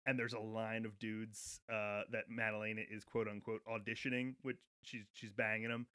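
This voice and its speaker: A man's voice: on the low side, level tone, normal speed, bright, forceful tone, clear, resonant tone, no room sound. Man chatting loosely in a dry close-mic sound. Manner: loose and rambling, full of "like" and false starts. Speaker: podcast co-host. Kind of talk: casual chat recapping a TV episode.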